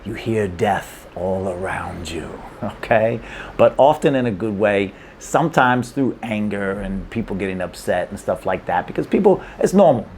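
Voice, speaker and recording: Man, lowish voice, casual language lesson, playful, keeps asking "okay?", faint background hiss. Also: lively intonation, moderate pace, a little mellow. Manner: checks in with frequent 'okay?' and 'right?'; laid-back, playful. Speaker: language teacher.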